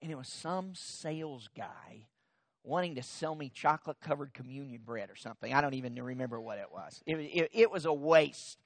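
A man's voice: medium pitch, lively intonation, brisk, no room sound. A middle-aged man, a pastor, telling a personal story in a sermon in a conversational, self-deprecating way, with frequent restarts.

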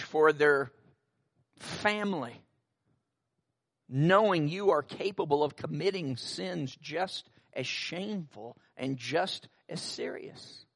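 A man's voice: a little high, fairly bright tone. A middle-aged male pastor preaching a sermon, telling stories with wry asides.

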